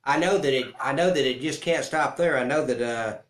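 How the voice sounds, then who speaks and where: A man hosting a casual interview who asks halting, hesitant questions. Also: mid-range voice, fairly bright tone. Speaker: interview host. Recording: echoey room.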